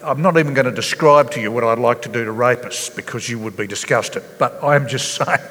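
A man preaching a sermon as pastor, earnest and halting, with many fillers and restarts. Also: mid-range voice, a bit bright, big-room sound. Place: church hall.

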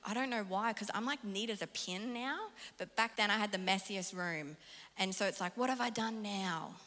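Bright-voiced woman preaching. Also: medium pitch, normal speed. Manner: animated, self-mocking, laughs often. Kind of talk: sermon with personal story. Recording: long hall reverb.

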